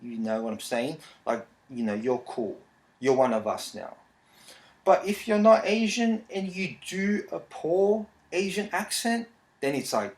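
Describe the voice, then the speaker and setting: A man's voice: on the high side, measured pace. A man, hosting a podcast in casual, rambling solo talk. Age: 30s. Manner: rambling, relaxed, frequent fillers. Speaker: podcast host. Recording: roomy echo.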